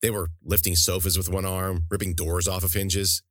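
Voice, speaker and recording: A man narrating a gritty crime story in a scripted, expressive storytelling read. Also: sits low, normal speed, no room sound, clean studio sound. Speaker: author narrating his own serial.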